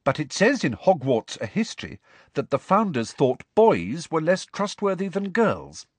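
A man's voice: a little high, big pitch swings, a little mellow, slightly rough, no echo, voice pushed up, exaggerated voice. A man doing a prim, bossy schoolgirl. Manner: brisk, prim, lecturing. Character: clever bossy teenage schoolgirl. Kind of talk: audiobook character voice.

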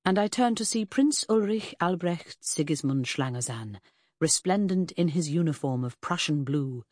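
A woman with a low voice reads a period novel in the first person, unhurried and descriptive with a wry edge. The recording is dry and close, with no room sound. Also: animated, darkish tone, no echo. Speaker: audiobook narrator. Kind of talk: scripted first-person narration.

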